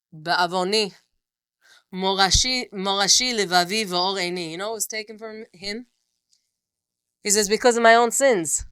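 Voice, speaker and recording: A woman's voice: medium pitch, pushed and bright, smooth, no room sound. A woman teaching a text study class, reading passages aloud with feeling and then explaining them.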